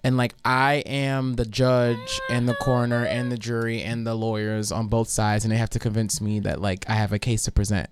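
Young man, mid pitch, dry close sound, casual storyteller, cusses freely. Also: normal speed, hardly any pauses, clean tone, dry recording. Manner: animated storyteller, laughs a lot, swears casually. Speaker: teacher and podcast co-host.

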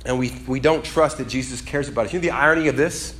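A man's voice: fast, fairly bright tone. A man preaching a sermon in a casual, conversational way that climbs to emphatic peaks. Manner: conversational, dynamic, rising to emphatic high peaks.

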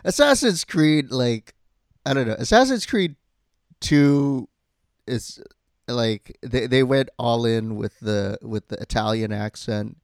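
A man's voice: mid-range voice, lively intonation, takes it slowly, vocal fry, no room sound, clean studio sound. A man co-hosting a casual chat, easygoing, with wry asides and frequent laughter.

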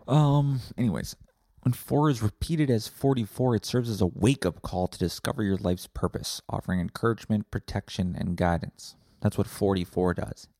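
Male podcast host, sarcastic profane rambler, low voice, dry close sound. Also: moderate pace, mellow, no room sound. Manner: rambling, sarcastic, swears a lot. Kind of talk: comedic profane rant.

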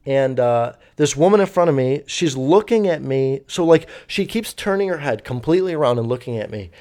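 A man's voice: mid-range voice, lively intonation, a little fast, a little mellow. A young man telling a story casually, rambling and swearing with lots of fillers. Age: young adult. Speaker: vlogger.

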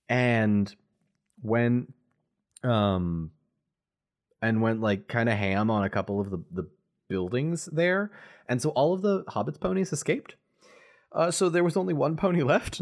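Lively, joking man on a podcast. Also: medium pitch. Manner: joking, playful storytelling. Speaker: podcast guest, lore expert. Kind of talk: casual podcast chat.

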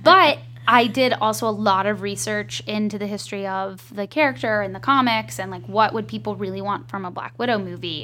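A woman filmmaker chatting in an interview, telling stories in a lively, talkative way. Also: medium pitch, fairly quick, hardly any pauses. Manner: chatty, animated storytelling. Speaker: indie filmmaker guest. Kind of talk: casual interview chat.

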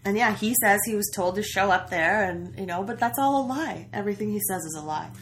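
A woman's voice: mid-range voice, fast, fairly bright tone, low-quality recording. A woman co-hosting a podcast, chatting casually and laughing as she recaps a show. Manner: chatty, laughs easily, acts out her reactions. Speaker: podcast co-host.

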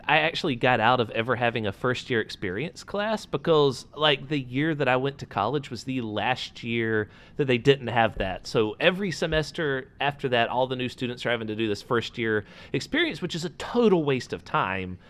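A man's voice: medium pitch, expressive, moderate pace, hardly any pauses, a bit bright. A man co-hosting a casual podcast, giving blunt opinions with jokes and casual swearing. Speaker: podcast co-host.

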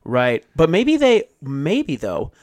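A young man chatting casually with a friend. His voice sits a little high and swings widely in pitch, and he talks in a loose, slangy, animated way. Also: slow pace. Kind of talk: casual chat.

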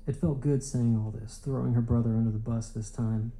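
A man reading a literary novel aloud in a measured, unhurried way. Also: mid-range voice, steady tone, dark tone, low-quality recording. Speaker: audiobook narrator. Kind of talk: literary audiobook narration.

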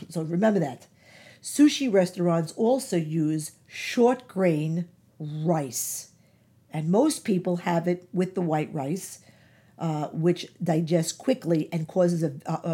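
Woman, husky, mellow and low, emphatic nutrition talk, lots of fillers. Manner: emphatic, repeats key words, many fillers. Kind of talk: informal health talk.

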